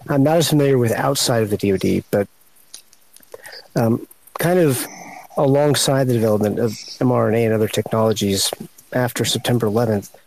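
A man answers a panel question in a halting way, pausing between phrases while he hunts for the right words. His voice is mid-pitched and the recording is close and dry, with no room sound. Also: a little mellow, no room sound, low-quality recording. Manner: halting, searches for words with long pauses. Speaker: panel guest.

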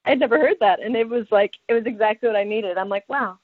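A woman's voice: on the high side, fast talker, no room sound. A young adult woman, a track athlete, telling her story casually and animatedly, laughing and acting out what people said. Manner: animated, laughing, acts out quoted lines. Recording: tinny phone-like line.

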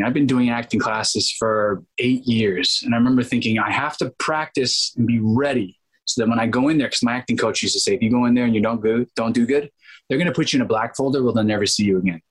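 Husky-voiced man telling stories. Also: medium pitch, poor audio. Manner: animated, acts out quotes in changed voices, laughs often. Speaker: actor, interview guest. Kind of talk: casual storytelling interview.

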